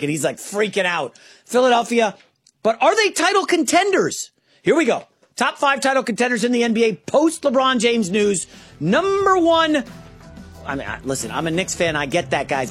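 An animated male sports radio host rattles off opinions in a chatty monologue, his pitch swinging up and down. He stumbles through fillers and restarts, and soft music sits faintly behind him. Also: breathy edge, no echo. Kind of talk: sports talk show monologue.

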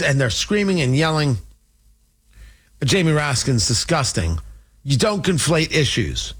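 A man's voice: sits high, fairly bright tone. A man hosting an opinionated commentary show, talking in an indignant, emphatic and mocking way.

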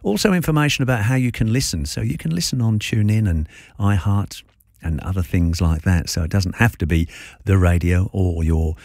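A man's voice: low-pitched, moderate pace, darkish tone, no room sound. A man presenting a music show on the radio in a chatty, self-amused way, speaking from a studio mic. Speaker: radio host. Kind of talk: laid-back radio presenting.

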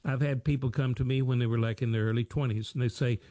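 Mellow-voiced man hosting a money talk show. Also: medium pitch, fairly even intonation, quick pace, no echo, clean studio sound. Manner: folksy and repetitive, fond of sayings and rhetorical questions. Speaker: financial advice show host. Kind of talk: radio-style talk show monologue.

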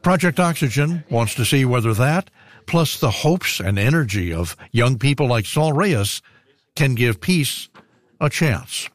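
A man reading a scripted radio news feature as anchor, in a measured newsreader delivery. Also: medium pitch, lively intonation, dry recording.

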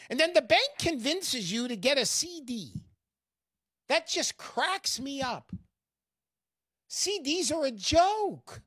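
A woman pitching with lively, swooping intonation, scornful and emphatic. Her voice sounds close and dry, with no room around it. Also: slow pace, long pauses, no echo. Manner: animated, mocking, emphatic. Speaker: gold investment promoter. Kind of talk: persuasive sales pitch.

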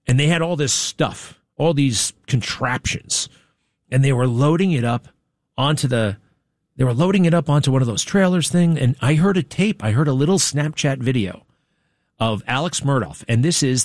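This is a male talk-show host in a studio, speaking in a casual, digressive way. His voice sits in the middle range, and his tone is wry. The sound is close and dry, with no room echo. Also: mid-range voice. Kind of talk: rambling monologue, casual chat.

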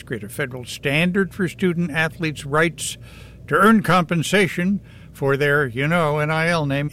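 Friendly higher-voiced male radio host. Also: a little hiss or hum. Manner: relaxed, friendly, conversational. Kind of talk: news radio hosting.

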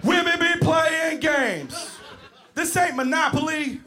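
A man doing a shouting crude club comic. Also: very high-pitched, slow pace, crowd noise, background noise, voice pushed up. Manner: shouting a sing-song catchphrase. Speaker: stand-up comedian. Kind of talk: stand-up set.

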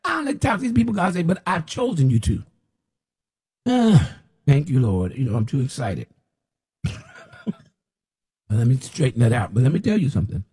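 A man's voice: mid-range voice, big pitch swings, normal speed, pauses often, mellow, husky. A man preaching an unscripted, scolding sermon as a self-described prophet, repeating himself as he presses his point.

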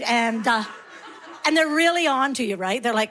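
A middle-aged woman performing a stand-up comedy routine, telling animated stories and acting out the voices of the people in them. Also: high voice, fairly quick, background noise.

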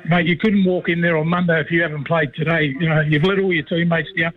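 A middle-aged Australian man calls in to a radio show over a thin, tinny phone line. His voice sits fairly high for a man. He rambles from one yarn to the next and drops "mate" into almost every sentence. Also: steady tone, fast talker. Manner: rambling storyteller, says "mate" constantly. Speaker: guest, former player and commentator. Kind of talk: casual radio chat by phone.

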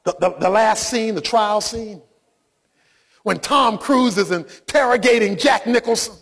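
Male preacher, very high husky voice, impassioned, climbs into shouts. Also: a little slow. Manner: impassioned, often rising to shouting. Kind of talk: sermon.

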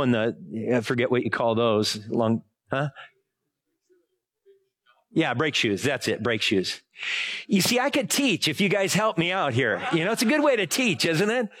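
A man's voice: mid-range voice, a bit bright. A middle-aged male pastor preaching casually, rambling through a personal story, correcting himself and asking his listeners for help. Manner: rambling, self-correcting, asks the audience for help. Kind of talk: conversational sermon with a personal story.

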